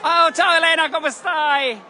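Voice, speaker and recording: Perched on a city balcony outdoors over a parade street, a man with a very high voice excitedly narrates his live travel vlog at a moderate pace. He gushes and chats eagerly against loud street noise, a cheering crowd and ringing church bells.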